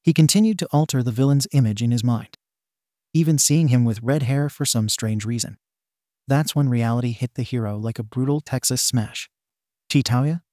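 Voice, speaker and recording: A man narrating a fan fiction story in a steady storytelling manner. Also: mid-range voice, normal speed, no echo, clean studio sound.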